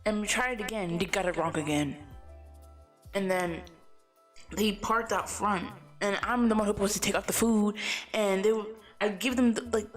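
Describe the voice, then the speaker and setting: A young woman chats on her livestream in an easygoing, meandering way. She keeps circling back with "like" and false starts and breaks into laughter often. Soft music plays faintly in the background. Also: mid-range voice, moderate pace, pauses often. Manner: rambling, full of "like" and restarts, laughing often. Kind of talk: casual chat storytelling.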